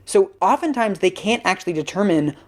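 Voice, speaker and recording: Man explaining history with lively pitch. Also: fairly quick. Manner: explains at length in animated detail, laughing at the absurd parts. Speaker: podcast co-host explaining a history topic. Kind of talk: casual conversational explainer.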